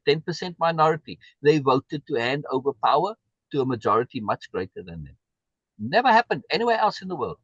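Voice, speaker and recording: A man's voice: fairly high pitch, a bit bright, breathy edge, no echo, lo-fi sound. A man hosting a live stream, talking in an emphatic way and repeating words for stress as he answers viewer comments. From South Africa. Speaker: livestream host.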